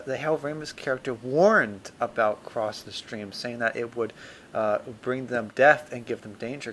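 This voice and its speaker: A man playing a fawning interviewer in an improvised comedy sketch, stammering and overly flattering. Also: mid-range voice, a little hiss or hum, close to an everyday voice. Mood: earnest. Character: fawning male interviewer, gushing. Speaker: mock interviewer.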